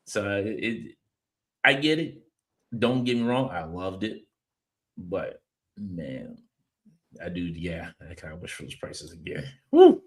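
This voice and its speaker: A man with a somewhat low voice hosts a relaxed podcast chat. He tells stories in a lively way, acting out his own past reactions, and reads viewer comments aloud as he goes. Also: measured pace, pauses often. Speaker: podcast host. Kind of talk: casual chat.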